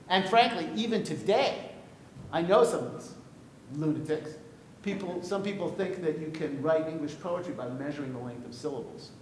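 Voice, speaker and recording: A man teaching a class on poetry, lively and jokey, putting questions to his students. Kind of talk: classroom lecture on verse. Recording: echoey room with light rumble.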